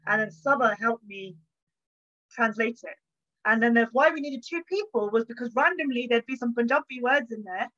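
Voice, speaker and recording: A woman historian speaks from her home with a fairly high voice, animated and chatty as she tells stories. She acts out the little exchanges she describes. The audio is dull and lo-fi. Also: moderate pace. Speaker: historian guest. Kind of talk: conversational interview. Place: home, bookshelf behind her.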